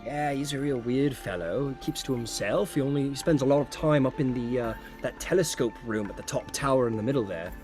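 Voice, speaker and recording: A man's voice: medium pitch, a little fast, hardly any pauses, a little mellow, soft background music, lightly acted. A man doing gossiping cultists. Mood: conspiratorial. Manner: chatty, gossipy, conspiratorial. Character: gossiping male cultists in a castle.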